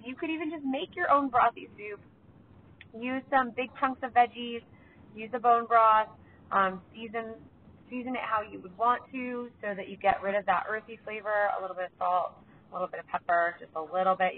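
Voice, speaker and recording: Stuffy-nosed woman rambling casual health tips, lots of ums, sounds like a phone line. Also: on the high side. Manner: chatty, rambling, many fillers. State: stuffy nose from allergies. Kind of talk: casual advice talk to viewers. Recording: tinny phone-like sound, faint background noise.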